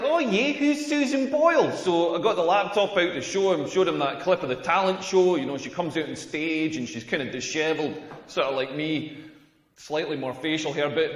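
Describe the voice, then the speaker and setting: An actor with a Scottish accent playing a young stand-up comedian telling crude, rambling jokes on stage. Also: male voice, high voice, a bit bright. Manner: cheeky, rambling, crude punchlines. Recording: echoey club hall reverb.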